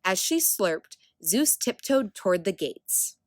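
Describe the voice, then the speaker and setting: A woman reading a children's picture book aloud as a storyteller, expressive and unhurried. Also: mid-range voice, no echo, studio quality.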